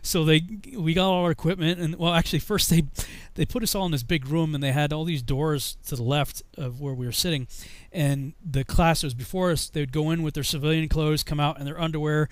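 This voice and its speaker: A man's voice: a little high, steady tone, brisk, no echo. A man telling a funny army story casually, laughing often and saying you know a lot.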